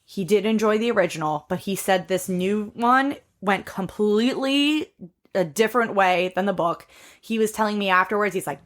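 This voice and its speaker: A woman's voice: mid-range voice, normal speed. Woman cohost just chatting, blunt and kinda sweary, normal mid voice. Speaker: podcast co-host. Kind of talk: casual chat.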